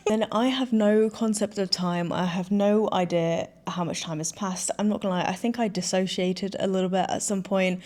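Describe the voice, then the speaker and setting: A woman's voice: medium pitch, fairly even intonation, moderate pace, darkish tone. A woman in her thirties vlogging, chatting and storytelling with a giggly, self-deprecating manner. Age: 30s. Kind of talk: casual storytelling vlog.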